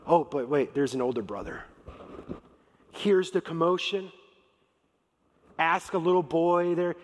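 Man, pastor, sermon, high pitch, lively casual storytelling, reverberant church hall. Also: measured pace, pauses often. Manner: animated storytelling with casual slang.

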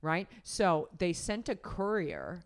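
Casual podcast host, female, deep-set and smooth, chatty and meandering. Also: wildly swooping pitch, takes it slowly. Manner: rambling, filler-heavy, laughs often. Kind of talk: casual storytelling chat. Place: podcast recording setup.

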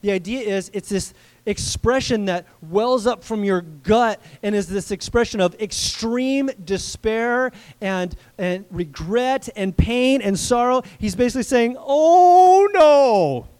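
A man preaching a sermon to a congregation, conversational and energetic, building to loud cries at times. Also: sits high, a little slow, clean tone. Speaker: pastor.

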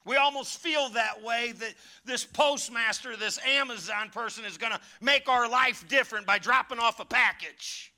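A man's voice: extremely high pitch, normal speed, few pauses, bright, forceful tone. A pastor preaching a sermon in a church, folksy and emphatic, building in fervor as he teaches. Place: church sanctuary.

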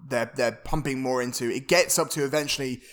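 A man's voice: medium pitch, brisk, a bit bright. A man co-hosting a casual film podcast, recapping the plot with many fillers and restarts. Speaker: podcast co-host.

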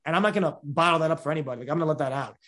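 A young man, answering interview questions in an energetic, rambling way with many restarts. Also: fairly high pitch, very fast. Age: 20s. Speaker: podcast host being interviewed.

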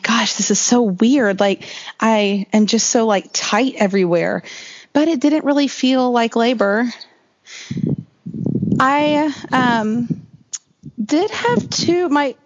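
A woman telling a long personal story as an interview guest, in a rambling, chatty way full of "like". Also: medium pitch. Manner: chatty, rambling, heavy use of "like". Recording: slightly dull lo-fi recording.

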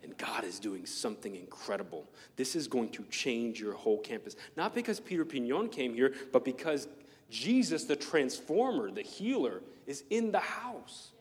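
A man's voice: medium pitch, moderate pace, long reverb tail. A man preaching a sermon, telling playful personal stories and acting out the voices in them. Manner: animated, playful, acts out voices in his stories.

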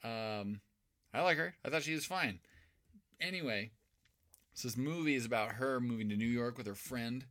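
A man's voice: medium pitch, moderate pace, pauses often, a bit bright. A man co-hosting a casual podcast, recapping a movie plot in a rambling, profane way. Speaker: podcast co-host.

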